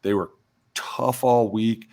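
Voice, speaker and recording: A man with a fairly low voice chats casually on a sports podcast. He tells stories with energy and acts out the coaches and players in them. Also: steady tone, slow, darkish tone. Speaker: podcast co-host, former offensive lineman.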